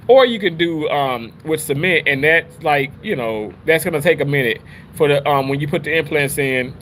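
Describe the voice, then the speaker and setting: A man hosting a casual livestream, chatting with viewers in an animated, rambling way, full of restarts. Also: a little hiss or hum, poor audio. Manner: animated, rambling, with frequent restarts and pitch jumps. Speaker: livestream host reading chat.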